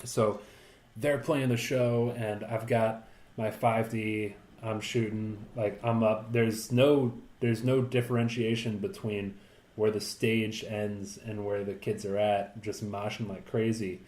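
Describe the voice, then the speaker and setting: A man's voice: lowish voice, level tone, slow, a little mellow. A young man casually telling a rambling, profane story on a podcast, full of fillers. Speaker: podcast co-host. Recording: echoey room.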